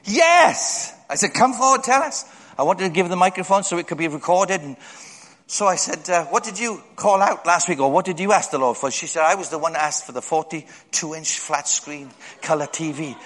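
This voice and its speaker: A man preaching a sermon in a church hall, telling stories and jumping up high to act out other people's voices. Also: fairly quick, a bit bright. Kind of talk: storytelling sermon. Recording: long hall reverb.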